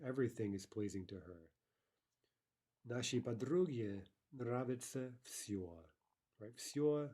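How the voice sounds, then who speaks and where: Low, dark-voiced man teaching a lesson. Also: breathy edge. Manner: explanatory, slows to read Russian examples aloud. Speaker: Russian language teacher. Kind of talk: recorded language lesson.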